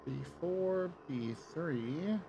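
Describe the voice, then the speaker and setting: A man's voice: fairly high pitch, expressive, drawn-out words, dull audio, background noise. A man co-playing a puzzle game in casual chat, thinking aloud as he works it out. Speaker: co-player on a game stream.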